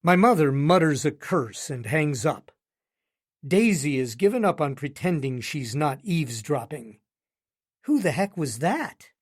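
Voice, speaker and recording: A man's voice: a little high, big pitch swings, a little slow. A man narrating a romance audiobook in first person with a wry, smug, joking manner.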